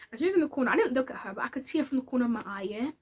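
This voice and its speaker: A woman's voice: sits high, lively intonation, rapid-fire, a little mellow, breathy edge. A woman telling a candid personal story to camera in a chatty, casual way. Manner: chatty and candid, with many fillers. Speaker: vlogger.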